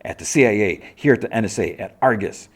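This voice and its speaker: A tough, furious female agent, as a man puts her on in a podcast recap. The performer barely changes his low voice for her. He gives her an angry, clipped delivery. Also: expressive, fast, slightly rough. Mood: defiant.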